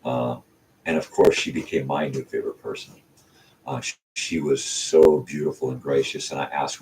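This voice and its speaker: An older man hosts his own channel, telling a casual, rambling story packed with ums and restarts. His voice is a rumbling low, a little mellow and steady in tone, at a moderate pace, picked up by a distant mic with faint hiss.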